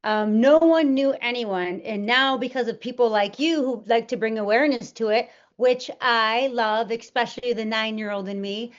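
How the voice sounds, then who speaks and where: A woman's voice: a little high, normal speed, hardly any pauses. A woman being interviewed, telling her personal story earnestly, with many fillers and restarts. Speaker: interview guest. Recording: dull lo-fi audio.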